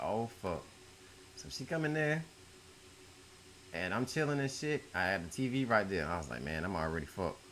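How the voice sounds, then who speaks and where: Recorded at home with a little hiss or hum, a middle-aged YouTube storyteller recounts a personal episode in a casual, profane way. He swings from loud outbursts to low mutters.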